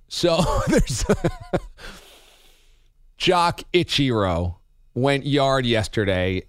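A man's voice: a little high, a bit bright, smooth, no echo, clean studio sound. A man hosting a sports talk show, joking around and rattling off baseball stats in a casual, wry way.

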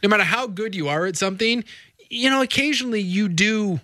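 An animated man co-hosting a casual talk show, telling stories and jumping up in pitch whenever he acts out what someone said. His voice is bright and forward and sits a little high. It is recorded close on a dry studio mic. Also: brisk, no room sound. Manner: animated storyteller, jumps pitch when acting out quotes. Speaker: co-host. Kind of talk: casual chat.

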